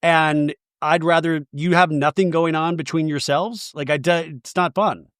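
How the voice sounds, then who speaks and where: A man hosting a podcast, chatting casually and retelling reality TV scenes in a rambling, animated way. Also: on the high side, normal speed, no room sound, clean studio sound. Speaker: podcast host. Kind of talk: casual chat about reality TV.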